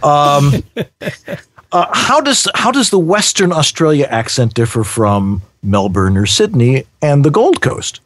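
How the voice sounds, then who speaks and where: Lively joking male podcast host. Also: on the high side, unhurried, no echo. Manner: joking, reads out listener questions. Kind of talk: casual chat. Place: recording studio.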